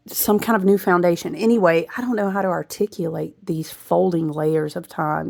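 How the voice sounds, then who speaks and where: A woman's voice: fairly low pitch, steady tone, normal speed, creaky, few pauses, a little mellow. A woman giving a rambling, intuitive spiritual astrology reading, breaking into asides and laughs. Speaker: astrology reader.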